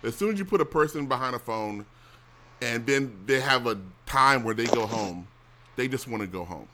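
A man's voice: mid-range voice, animated, normal speed, noisy background. A middle-aged man hosting a casual chat show, complaining bluntly and profanely, with frequent restarts. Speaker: show host.

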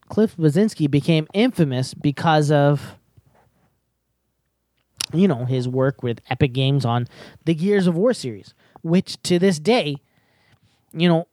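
Woman host, loose talky podcast delivery full of restarts, fairly low pitch, dead dry headset sound. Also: mellow, no echo. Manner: rambling, with many fillers and restarts. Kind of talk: casual podcast chat.

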